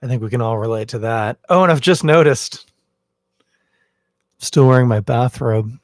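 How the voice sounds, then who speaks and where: A podcast host livestreams casually from home in a bathrobe, rambling and cracking self-mocking jokes. His mid-range voice is slightly mellow at a normal speed, captured with wired headphones and a phone camera in studio quality with no room sound.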